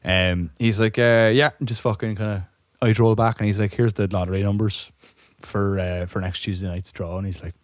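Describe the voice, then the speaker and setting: A man's voice: lowish voice, fairly even intonation, moderate pace, hardly any pauses, no room sound, studio quality. A hungover man casually telling a long joke with lots of swearing, laughing at his own punchlines. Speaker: podcast co-host.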